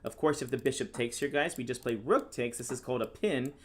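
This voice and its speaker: Deadpan sarcastic chess streamer, a man. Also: mid-range voice, brisk. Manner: casual, deadpan sarcastic, reads chat questions aloud and answers them. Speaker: chess streamer and National Master. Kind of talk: live-stream commentary while playing.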